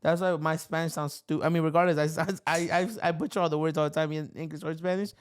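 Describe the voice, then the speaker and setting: Chill podcast guy, kinda high voice, smooth and clean, joking around. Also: fairly even intonation, quick pace. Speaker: podcast co-host. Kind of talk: casual podcast chat.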